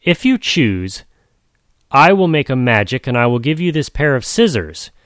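A man's voice: mid-range voice, sing-song, moderate pace, fairly bright tone, no echo, clean studio sound. A man voicing a cheerful, generous little girl in a storybook reading.

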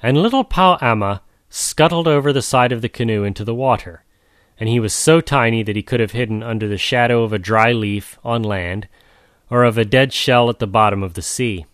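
A man reading a storybook aloud in a measured, tender way, speaking directly to the listener. His voice sits at an ordinary middle pitch. The recording is dry and close, with no room sound. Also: a bit bright, no echo. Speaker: narrator.

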